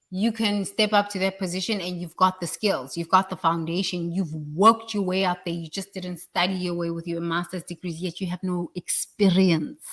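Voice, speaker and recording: Brief: woman, motivational speaker, blunt and preachy, swears, slightly low voice. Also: fairly bright tone. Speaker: leadership speaker. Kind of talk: motivational talk.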